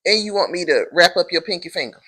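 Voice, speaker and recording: A woman giving a casual recap of a TV episode, sassy and animated, calling the listener honey and girl, and jumping into high-pitched impressions of the characters. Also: fast talker. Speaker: TV episode reviewer.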